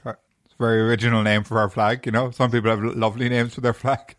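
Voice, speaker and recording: A man's voice: mid-range voice, flat delivery, quick pace, no echo, clean studio sound. A young Irish man hosting a casual podcast, reading out questions and teasing his friends. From Ireland. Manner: teasing, asks the questions, laughs while talking. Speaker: podcast host.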